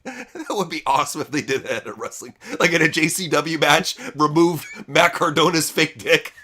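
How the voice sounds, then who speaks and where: This podcast co-host chats crudely and casually about wrestling news, cursing freely and ridiculing the people whose quotes he reads. His voice sits on the high side, with lively intonation, a sharp tone and a normal speed.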